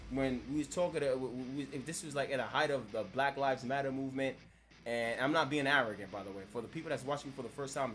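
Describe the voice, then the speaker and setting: A man's voice: medium pitch, fairly bright tone. A man ranting and telling stories on a live stream, brash, mocking and laughing at his own jokes.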